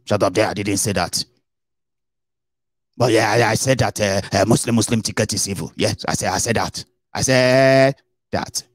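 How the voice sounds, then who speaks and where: A man's voice: on the low side, normal speed, no echo, clean studio sound, close to an everyday voice. A man putting on the voice of an angry, defensive male politician who stammers and contradicts himself. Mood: blustering. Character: blustering angry male politician, middle-aged.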